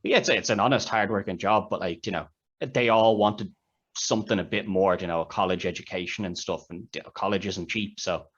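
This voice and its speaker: Man with a low, dull-sounding voice. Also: brisk, husky. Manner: rambling, retells scenes with quoted voices. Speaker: podcast co-host. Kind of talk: casual film review chat.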